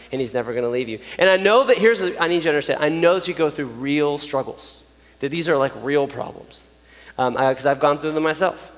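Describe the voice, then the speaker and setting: A man, preaching a joking, animated youth sermon straight to his audience. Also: medium pitch. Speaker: youth pastor. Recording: long reverb of a large hall.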